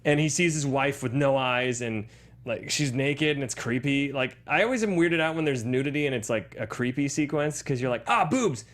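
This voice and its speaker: A man in his thirties co-hosting a movie podcast, joking and animated as he talks. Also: mid-range voice, normal speed. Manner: jokey, animated, slips into silly voices. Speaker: podcast co-host. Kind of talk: casual movie chat.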